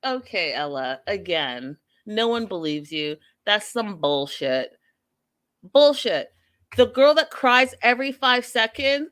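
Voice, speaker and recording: A woman's voice: mid-range voice, sing-song, takes it slowly, a bit bright. A woman hosting a casual reality TV recap, sassy and blunt with an exasperated edge. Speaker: podcast host.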